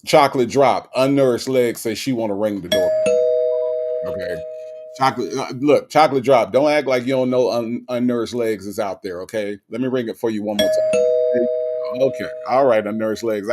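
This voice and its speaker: A man hosting a casual livestream, reading viewer comments aloud in a laid-back, playful way. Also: on the low side. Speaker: livestream host reading chat. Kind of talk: casual chat.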